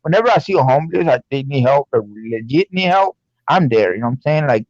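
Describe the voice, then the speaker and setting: A man's voice: medium pitch, animated, fast, a little mellow, no room sound. A man chatting casually as a guest, rambling and padding his talk with fillers. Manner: rambling, many fillers like "you know what I'm saying". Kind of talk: casual chat. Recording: dull muffled dry remote audio.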